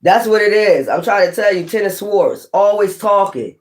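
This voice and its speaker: Tarot reader, casual reading, streetwise slang, swears a lot, repeats points, mid-pitched voice. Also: animated, moderate pace, slight background noise. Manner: rambling, profane, streetwise slang.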